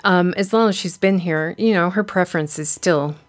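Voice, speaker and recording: In a casual conversation, a woman co-hosting a podcast tells stories in a rambling, chatty manner. Her voice sits on the low side, and she speaks at a moderate pace.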